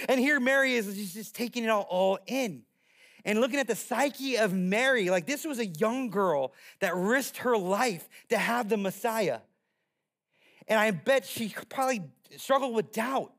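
Pastor, male, high-pitched, lively sermon delivery with playful bits. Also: moderate pace, vocal fry. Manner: animated storytelling with playful character voices.

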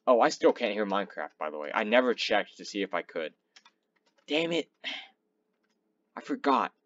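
A young man casually commenting on his gameplay, swearing and rambling between loud outbursts and low mumbling. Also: sing-song, moderate pace, dry recording, muffled recording. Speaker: gaming channel host.

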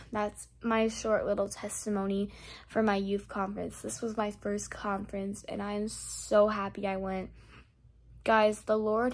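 Young woman talking about her faith, kinda flat even tone, says stuff twice, goes whispery when she prays. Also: mid-range voice. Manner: earnest, repeats phrases, drops to soft whispers in prayer. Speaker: vlogger sharing a faith testimony. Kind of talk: casual testimony and spoken prayer.

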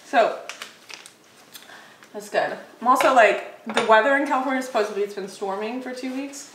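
Chatting casually about grocery snacks, this female food vlogger laughs often and muses aloud between bites. Her voice is fairly high and fairly bright, moving at a moderate pace with long pauses, picked up by a distant mic in a room full of echo.

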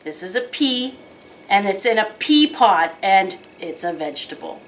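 A woman teaching preschool children in a slow, sing-song, animated way. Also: medium pitch. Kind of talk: children's lesson and picture-book reading.

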